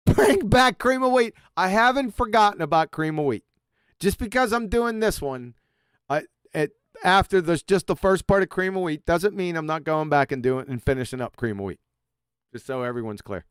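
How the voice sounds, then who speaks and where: On his livestream, the host plays a clip and tears into it with crude mockery and bursts of loud swearing. His voice is high, smooth and expressive at a moderate pace, recorded dry and close to the mic with no room sound.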